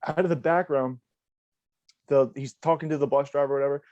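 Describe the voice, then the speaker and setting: A man's voice: medium pitch, fairly even intonation, fairly quick, darkish tone, no room sound. A young man telling rambling, profane stories and laughing on a casual podcast. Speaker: podcast co-host. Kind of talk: casual storytelling. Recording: dull lo-fi podcast audio.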